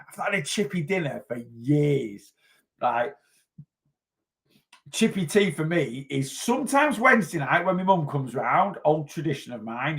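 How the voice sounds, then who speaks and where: A man from the North West of England talks loosely and at length. He is a weight loss coach on a casual livestream, rambling along and picking up viewer comments in an ordinary mid-range voice. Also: mid-range voice.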